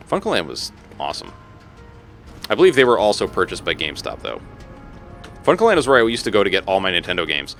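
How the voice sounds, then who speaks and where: A man in his thirties chatting loosely with his stream while he plays. His pitch swings up and down a lot, and his bright, forceful tone keeps the banter bouncing along with jokes and casual swearing. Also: a little fast, soft background music. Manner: animated, joking, swears freely, talks to chat. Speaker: game streamer. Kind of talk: casual live-stream chat while gaming.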